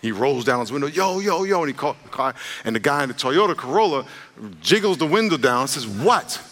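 A man's voice: medium pitch, fast talker. A male pastor preaching a sermon, telling a joking story and acting out its characters before turning to scripture. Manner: jokey, animated storytelling, acts out characters. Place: church hall. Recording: long reverb of a church hall.

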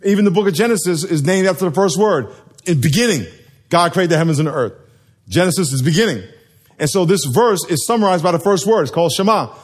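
A man's voice: high voice, lively intonation, quick pace, husky. A man preaching a sermon to a live congregation, joking and quizzing the people in front of him. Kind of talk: sermon with call and response.

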